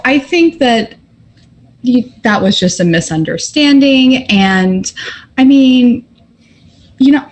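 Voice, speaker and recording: A woman voicing an apologetic young witch who talks hesitantly, with lots of fillers, to smooth things over. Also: a little high, a little mellow. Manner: hesitant, placating, many fillers.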